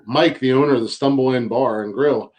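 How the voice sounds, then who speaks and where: A man's voice: mid-range voice, brisk, darkish tone, slight background noise, poor audio. A middle-aged man hosting a podcast in casual chat, wry and laid-back, swearing and reading out news stories. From Johnstown area, Pennsylvania. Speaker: podcast host.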